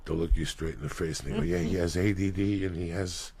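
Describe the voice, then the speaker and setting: A middle-aged man with a New York accent, telling a loud, profane story as a comedian. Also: deep voice, brisk, husky. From New York City.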